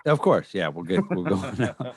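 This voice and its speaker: Deep-voiced man, laid-back podcast host. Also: normal speed, slightly rough, no echo, clean studio sound. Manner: relaxed, rambling, many "uh" and "um" fillers. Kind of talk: casual chat.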